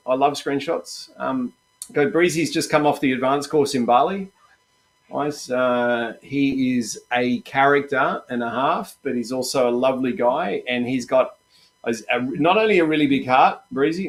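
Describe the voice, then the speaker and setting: In a chatty, easygoing manner, a middle-aged Australian leads a live trading-room stream. He encourages viewers throughout, calling them mate and guys, in a voice of typical male pitch.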